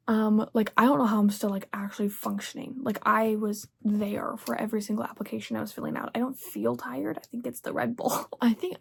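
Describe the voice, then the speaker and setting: A woman's voice: medium pitch, gravelly. A young woman vlogging in a casual, rambling way, partly whispered late at night. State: sleepy at two in the morning. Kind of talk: casual chat to camera.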